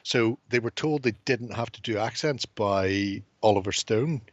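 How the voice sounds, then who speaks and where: A man's voice: fairly low pitch, a little slow, no room sound, muffled recording. A man co-hosting a hobby live stream, rambling and swearing with frequent laughs in casual late-night chat.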